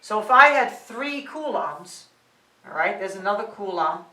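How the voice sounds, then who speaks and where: A woman teaching high school physics who often checks in with "all right" and "okay" and counts digits aloud. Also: expressive, a little slow, sharp tone. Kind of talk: classroom lecture at a board. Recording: roomy sound, mic set at a distance.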